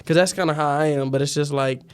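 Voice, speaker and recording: A young man hosting a podcast, speaking in a reflective, encouraging way with relaxed slang. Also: fairly high pitch, fast talker, clean tone. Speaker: podcast host. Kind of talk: casual conversation.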